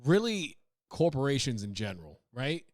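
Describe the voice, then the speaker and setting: A man's voice: medium pitch, big pitch swings, normal speed, no room sound, studio quality. A man hosting a podcast, riffing in a loose, profane, joking way and laughing at his own bits. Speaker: podcast host. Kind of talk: casual comedic monologue.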